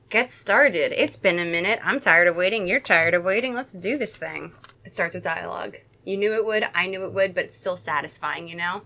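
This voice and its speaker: A woman's voice: mid-range voice, expressive, fairly quick, sharp tone. A young woman hosting a comedy drinking game, reading a kids' horror book aloud with sarcastic running commentary. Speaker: host.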